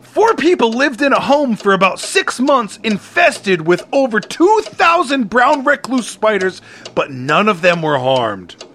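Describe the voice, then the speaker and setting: A man's voice: high-pitched, big pitch swings, a little slow, bright, forceful tone, slight background noise. A young adult man hosting a comedic solo podcast, upbeat, playful and goofy. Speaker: podcast host.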